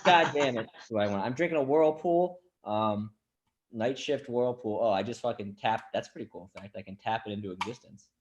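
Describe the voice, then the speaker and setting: A man's voice: medium pitch, normal speed, dull audio. A man from Boston doing crude, sarcastic casual stand-up as a guest comedian over a video call. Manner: crude, sarcastic, drifts into put-on voices.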